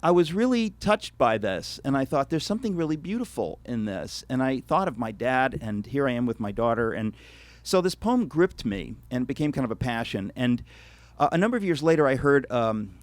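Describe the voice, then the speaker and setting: A man's voice: medium pitch, big pitch swings, moderate pace, dry recording. A middle-aged American man giving an earnest, reflective talk as an author before an audience, with frequent restarts and wry asides. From United States. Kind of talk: lecture to a live audience.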